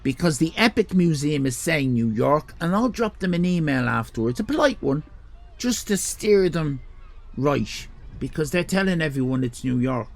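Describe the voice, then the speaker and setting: A gravelly Irish man in his fifties talks casually to his live stream audience. His slightly high voice rises and falls in a lively way as he slips into playful, mock-indignant rants. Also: moderate pace. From Ireland. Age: 50s.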